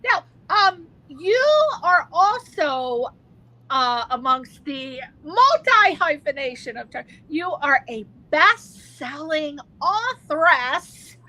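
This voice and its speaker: A woman hosts a radio interview in a very high, bright voice. She talks slowly, with lots of fillers, and her pitch swoops all around. Her delivery is gushing and exclamatory. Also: sing-song, poor audio. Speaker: radio show host. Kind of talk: interview chat.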